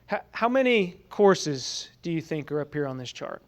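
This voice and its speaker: Man, conference presenter, high voice, smooth and resonant, chatty, quizzes audience. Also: sing-song, normal speed. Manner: conversational, many "you know" fillers, questions the audience. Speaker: presenter at a training summit. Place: meeting room with an audience.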